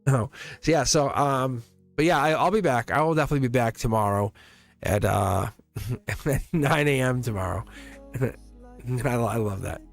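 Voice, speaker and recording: A man hosts a live tarot stream, rambling casually, chuckling often and joking with viewers. His medium-pitched voice is creaky and moderately paced, with faint music in the background.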